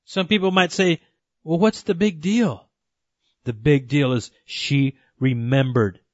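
A man's voice: high voice, no echo, highs cut off. A man preaching a sermon in an earnest way, speaking straight to his listeners as friends and folks.

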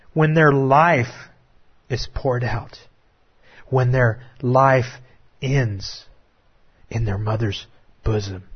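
A man delivers a dramatic sermon in a husky voice, dropping to hushed, drawn-out lines before rising to urgent appeals. The recording is dull and lo-fi. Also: medium pitch. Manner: dramatic preaching, swings from hushed to raised. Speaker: preacher.

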